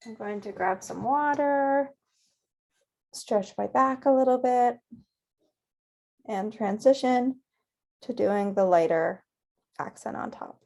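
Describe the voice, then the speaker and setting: A woman teaching a virtual painting class, guiding students gently step by step at a close mic. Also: a little high, takes it slowly, vocal fry, long pauses. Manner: gentle, encouraging step-by-step guidance. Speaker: painting instructor.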